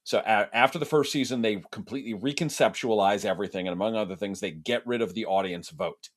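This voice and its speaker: A man, a TV critic and podcast co-host, chatting casually and asking follow-up questions with quick restarts. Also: on the low side. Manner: inquisitive, asks follow-up questions with stumbling restarts. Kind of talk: casual conversational podcast chat.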